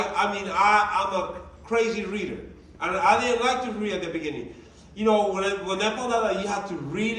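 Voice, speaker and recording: A man with a fairly high voice gives an emphatic motivational talk to an audience in a large meeting room. He repeats his key lines and fires questions at the crowd. The sound is very echoey, picked up from far off, with faint room noise. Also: a bit bright. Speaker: motivational speaker for a sales team.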